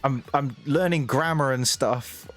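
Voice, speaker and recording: A man's voice: medium pitch, unhurried, soft background music. A young British man chatting casually to his viewers on a live stream, rambling and laughing often.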